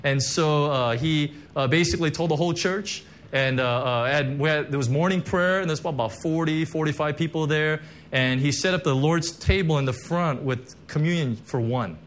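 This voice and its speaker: Preaching a sermon, this pastor recounts his own testimony in an emotional, conversational way, full of fillers and restarts, drawing on his Korean heritage and church background. He speaks at a moderate pace in a somewhat high voice, and there's slight hiss or hum.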